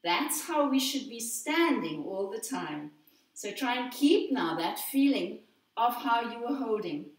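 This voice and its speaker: An older woman leading a Pilates class, calmly cueing breaths and movements in a gentle, counting manner. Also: on the high side, measured pace. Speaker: Pilates instructor. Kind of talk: guided exercise instruction. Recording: very echoey room, voice from a distance.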